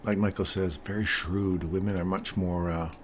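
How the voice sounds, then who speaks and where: A man's voice: low voice, moderate pace, a little hiss or hum. An older man hosting a live trading stream, talking casually and chatting with viewers while commenting on charts. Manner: chatty, laughs often, animated when storytelling.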